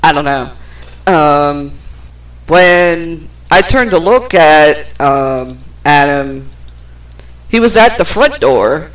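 A woman's voice: low voice, lively intonation. A woman hosting a podcast, telling a personal story in a blunt, profane, casual way. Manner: blunt and profane, slow, with many pauses. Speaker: podcast host. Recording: distant from the microphone.

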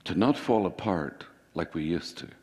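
A man preaching a sermon as pastor, with sudden emphatic rises and quick bursts. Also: sits low, expressive, darkish tone, slightly rough. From Ireland. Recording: hall reverb.

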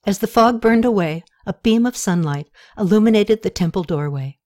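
A woman reads an audiobook chapter aloud in a measured, steady way. Her pitch sits in the middle of the range for women. She keeps an even storytelling pace. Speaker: audiobook narrator. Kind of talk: scripted narration.

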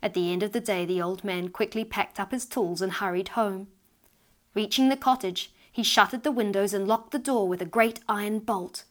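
A woman reads a fairy story aloud in a mid-pitched voice. Her telling is lively and expressive, rising in energy at the tense moments. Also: normal speed. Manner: lively, expressive reading that rises with tension. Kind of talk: storybook narration read aloud.

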